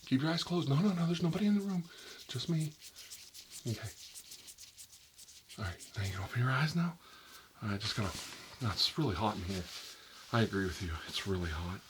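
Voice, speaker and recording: A man playing a nervous male doctor in a soft-spoken ASMR role-play, rambling and filling his talk with "like" and "you know.". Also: lowish voice, expressive, fairly quick, pauses often, noisy background, natural voice. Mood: uneasy. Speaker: doctor examining a patient.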